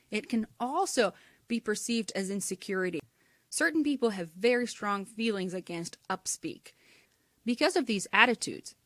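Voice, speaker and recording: A woman giving an instructional talk on speaking skills in a clear, measured way, sometimes demonstrating intonation. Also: mid-range voice, fairly bright tone, dry recording, clean studio sound. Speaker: teacher.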